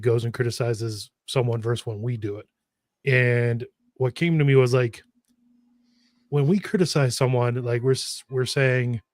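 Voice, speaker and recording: A man's voice: medium pitch, a little mellow, no room sound, clean studio sound. A man from Minnesota co-hosting a casual talk show, reacting with wry quips. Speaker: podcast co-host. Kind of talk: casual chat.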